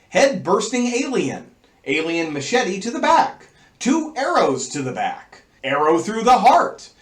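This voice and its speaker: Lively, high-voiced male film reviewer. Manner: over-the-top, gleefully crude list-reading. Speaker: movie review host. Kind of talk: comedic movie review. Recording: roomy echo.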